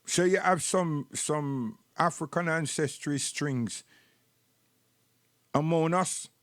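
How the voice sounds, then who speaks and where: A man's voice: a little high, takes it slowly, fairly bright tone, dry recording. A man with a Jamaican accent giving rambling, preachy live-stream commentary and repeating words while he searches for the next one.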